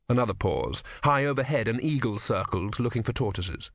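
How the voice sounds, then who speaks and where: A man narrating an audiobook with expressive storytelling. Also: mid-range voice, a little fast, creaky, hardly any pauses, no room sound, studio quality. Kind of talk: scripted narration.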